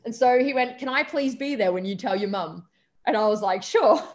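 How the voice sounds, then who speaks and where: A woman's voice: fairly high pitch, fairly quick. A young Australian woman telling a story as an interview guest, chatty, acting out the voices of the people she quotes. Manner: lively anecdotes, acts out quoted voices, frequent "um" and "like". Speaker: interview guest, stage performer. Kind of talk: casual storytelling.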